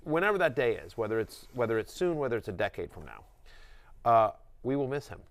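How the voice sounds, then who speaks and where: A man's voice: mid-range voice, sing-song, a little fast. A man hosting a casual fantasy football show, talking in loose, rambling runs with many restarts and fillers. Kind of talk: casual sports chat.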